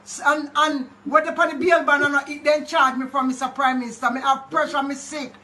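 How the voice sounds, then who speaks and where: A woman's voice: high-pitched, flat delivery, fairly quick, pushed and bright. A Jamaican woman making an aggrieved, pleading street complaint to the camera.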